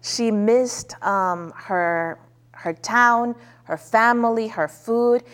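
A woman from Mexico, a guest telling a heartfelt personal story in a casual, earnest way with soft hesitant fillers. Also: a little high, extremely slow, clean tone.

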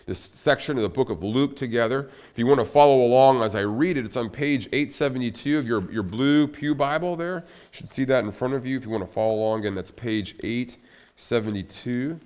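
A man giving a church sermon in a conversational storytelling way, often restarting his sentences and dropping to a soft, low voice at heavy moments. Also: a little fast. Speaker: pastor. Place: church sanctuary.

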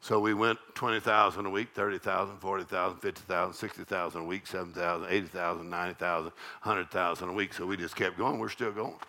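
A man's voice: low voice, fairly even intonation, fast talker, gravelly, few pauses, pushed and bright. An older man, a pastor preaching an evening sermon in a folksy, joking, call-and-response way.

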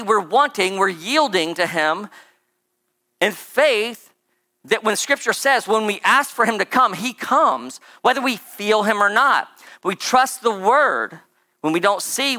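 Chatty preacher, bright voice, talks loose and animated, lots of like and right. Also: medium pitch. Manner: rambling and animated, full of "like" and "right?" asides. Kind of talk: casual conversational sermon.

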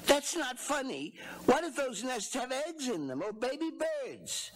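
A man's voice: very animated, unhurried, a bit bright, full character voice. A man voicing a young girl who scolds a bully in a children's story. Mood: angry. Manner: shrill, scolding. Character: young girl, indignant and protective.

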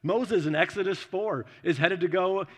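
A man's voice: high-pitched, normal speed. A man preaching a sermon as a pastor, conversational, acting out little voices as he tells his stories. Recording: long hall reverb.

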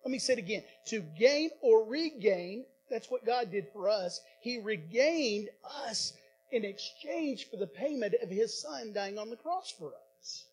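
A male pastor preaching a sermon, with dramatic pauses, repetitions and rising emphasis in a church. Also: high-pitched, lively intonation, slight background noise, low-quality recording.

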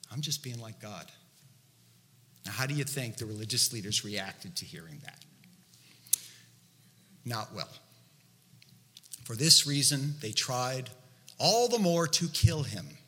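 A man preaching a sermon in an animated, conversational way, asking the listeners many rhetorical questions. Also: mid-range voice, long reverb tail. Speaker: pastor.

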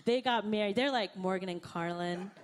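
A woman's voice: mid-range voice, normal speed. A young woman preaching a sermon, telling a personal story and acting out her own panicked thoughts. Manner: animated, acts out her own panicked quotes. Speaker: pastor.

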